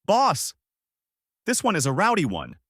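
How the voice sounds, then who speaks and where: A man voicing a rowdy, thuggish bandit who yells roughly in a fan story reading. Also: mid-range voice, very animated, a little fast, no echo, studio quality, exaggerated voice. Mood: rowdy yelling. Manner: yelling, rough.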